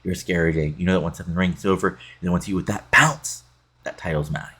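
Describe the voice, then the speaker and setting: A man's voice: deep voice, steady tone, fast talker, pushed and bright, breathy edge, full character voice. A man reading out the lines of a boastful male wrestler who taunts the champion. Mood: taunting. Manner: trash-talking, read aloud plainly.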